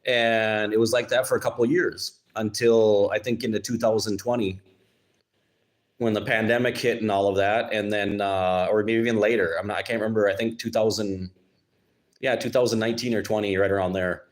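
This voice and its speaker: A man's voice: on the low side, fairly even intonation. A man from Minnesota, hosting his channel in a rambling, sarcastic live-stream chat. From Minnesota, United States. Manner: rambling, halting, with many restarts and sarcastic asides. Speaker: YouTube channel host.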